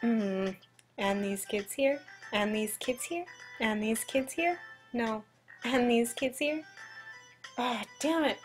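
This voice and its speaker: A woman giving casual, chatty commentary on a video game she is playing, excitable and self-deprecating. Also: on the high side, measured pace, faint music behind. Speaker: let's play commentator.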